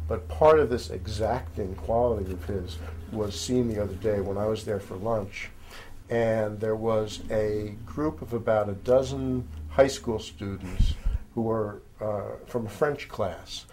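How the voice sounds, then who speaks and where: A man's voice: fairly low pitch, dark tone, a little hiss or hum. A man, a magazine editor, chatting informally about weekend picks, rambling with many fillers and addressing listeners as folks. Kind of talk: casual spoken recommendations.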